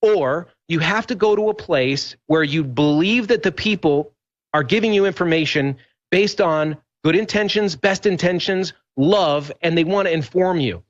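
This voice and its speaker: A fairly high-voiced man tells stories in a rambling, emphatic way on a talk show. The audio is dull and lo-fi, like a broadcast feed. He keeps restarting sentences as he pushes his point. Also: normal speed. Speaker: radio host guest. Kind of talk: animated talk show conversation.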